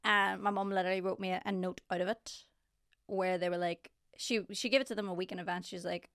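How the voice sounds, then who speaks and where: An Irish woman hosting a podcast, chatting lively and teasing her guest, swearing casually. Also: mid-range voice, fast talker, clear, resonant tone, dry recording, clean studio sound. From Ireland. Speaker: podcast host. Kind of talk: casual chat.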